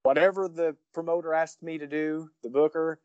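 A man, a professional wrestler, telling a story in an interview, rambling excitedly with many restarts. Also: on the high side, normal speed, smooth, no echo, lo-fi sound.

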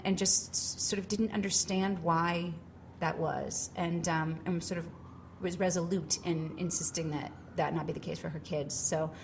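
A woman's voice: fairly low pitch, vocal fry, slight background noise. A middle-aged woman from Cambridge, Massachusetts with a Boston accent, chatting animatedly as an interview guest, with many fillers and restarts. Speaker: guest, musical theater actress. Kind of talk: casual interview.

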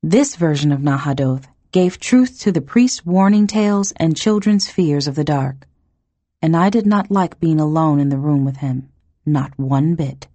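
Low, husky woman narrating a novel. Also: normal speed, mellow, dry recording. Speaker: audiobook narrator. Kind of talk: first-person novel narration.

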